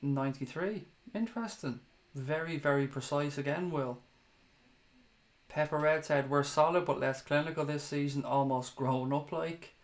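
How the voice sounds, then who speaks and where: A man's voice: a little high, normal speed. A young man hosting a fan livestream, reading viewer comments in a chatty, casual way, swearing and laughing at himself now and then.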